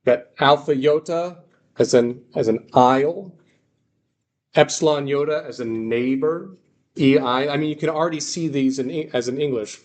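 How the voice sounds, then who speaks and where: A man's voice: a little high, normal speed. A man teaching a Greek lesson, explaining patiently and repeating words as he goes. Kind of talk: classroom lesson.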